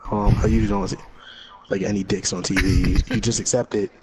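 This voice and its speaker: A man's voice: fairly low pitch, fairly even intonation, fast, noisy background. A man chatting casually and sounding a bit distracted while he plays a video game.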